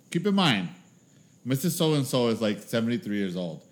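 Lively laughing man podcast co-host. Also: medium pitch, normal speed. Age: 40s. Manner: animated storytelling, laughs often, swears freely. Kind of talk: casual chat.

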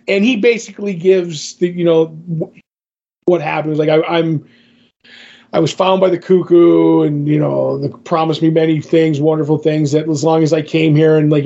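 A man's voice: on the high side, vocal fry, darkish tone, highs cut off. A man co-hosting a podcast, casually talking about comics and recapping a story in a rambling way with many fillers. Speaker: podcast co-host. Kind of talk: casual comic book discussion.

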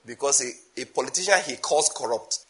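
A man with a Nigerian accent preaching a sermon emphatically, with sudden loud bursts and asides in Nigerian Pidgin. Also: medium pitch, a little fast.

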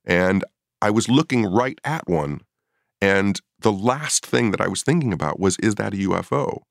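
A man's voice: fairly low pitch, lively intonation, moderate pace, gravelly, no room sound, studio quality. A middle-aged man and paranormal investigator telling a story in a casual podcast chat, acting out his own past reactions.

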